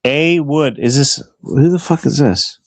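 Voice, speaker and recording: A man's voice: a little high, animated, a little slow. A man livestreaming outdoors in the cold, ranting angrily and profanely at his chat and at himself.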